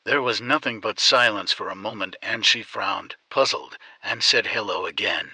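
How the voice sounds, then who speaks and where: A man narrates an audiobook with steady, measured pacing. His voice is low and husky, yet sharply bright on top. It sounds close and dry. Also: no room sound, poor audio.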